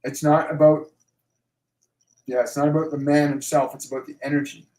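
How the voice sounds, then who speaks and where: A man hosting a live Q&A as a medium, relaying messages and repeating phrases slowly and emphatically. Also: on the high side, level tone, dark tone, roomy sound, low-quality recording. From Canada.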